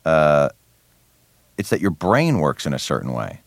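Wry, animated deep-voiced man. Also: measured pace, creaky, no echo. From New Jersey. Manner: many restarts and fillers. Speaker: interview guest, comedy show host. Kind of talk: radio interview.

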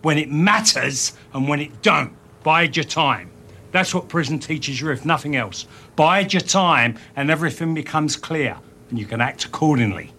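An actor playing a tough working-class ex-con in a film, speaking with a thick Cockney accent in a slangy, coolly threatening way. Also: male voice, on the high side, moderate pace, a little hiss or hum, voice pushed up. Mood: coolly menacing. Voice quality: slangy, clipped, threatening calm. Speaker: film character. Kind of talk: film dialogue.

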